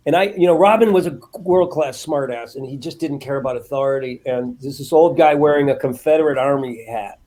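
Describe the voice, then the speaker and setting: A man, a comedian and impressionist, telling animated stories and laughing often in a casual podcast chat. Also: medium pitch, brisk, hardly any pauses. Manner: animated storyteller, laughs often, slips into voices.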